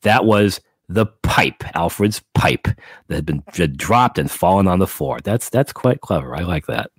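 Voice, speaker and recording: A man chatting on a podcast about an old comic book, animated and quick to slip into character voices. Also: low voice, slightly rough, no echo. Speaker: podcast co-host. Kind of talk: casual comic book discussion.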